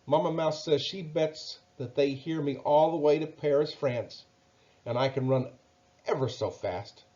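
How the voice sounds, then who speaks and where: A squeaky, kindly little storybook mouse, as a man puts him on. He talks slowly and gently, a touch higher than a plain voice. The recording is dull and lo-fi. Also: natural voice. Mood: cheerful. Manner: squeaky, stammering, kind. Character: small timid cheerful male mouse.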